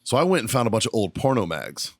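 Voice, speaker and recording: A man's voice: fairly low pitch, quick pace, no echo, clean studio sound. A man hosting a podcast, telling a story in casual chat, swearing constantly and laughing often. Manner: lively anecdote teller, often breaking into laughter. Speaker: podcast host.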